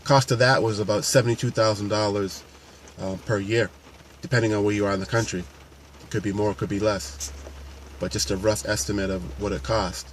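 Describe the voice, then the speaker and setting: A man's voice: on the low side, fairly even intonation, fairly quick, slight background noise. A man, a paramedic and fitness coach, talking earnestly and unscripted to camera with frequent restarts. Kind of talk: casual talk to camera.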